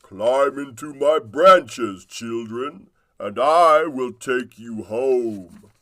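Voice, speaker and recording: A giant, kindly tree king speaks each word slowly and loudly, as a man puts him on. The storybook voice is grand and stretched out. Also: medium pitch. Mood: gentle. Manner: slow, loud and drawn-out. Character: huge kind talking tree king, male.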